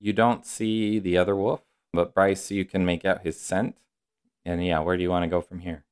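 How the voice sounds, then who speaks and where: Smooth-voiced male game master. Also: low voice, level tone, moderate pace. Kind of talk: narrating a tabletop game.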